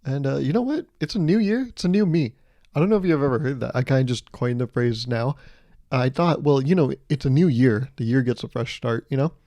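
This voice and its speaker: A man's voice: mid-range voice, expressive, fairly quick, warm tone, no room sound. A man hosting a podcast, rambling through a playful comedic monologue full of self-amused asides. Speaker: podcast host.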